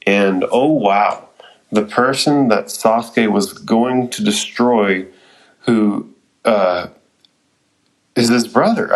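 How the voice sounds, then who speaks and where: A man with a lowish voice gives a casual recap of an anime episode, full of fillers and excited asides. He swears freely and keeps the tone loose and chatty. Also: poor audio.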